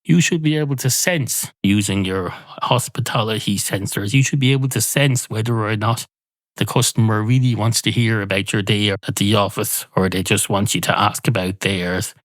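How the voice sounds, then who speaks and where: A man's voice: lowish voice, fairly even intonation, moderate pace, fairly bright tone, no room sound, close to an everyday voice. A man doing a sardonic talking bar cat. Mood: dry. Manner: dry, blunt and contrary.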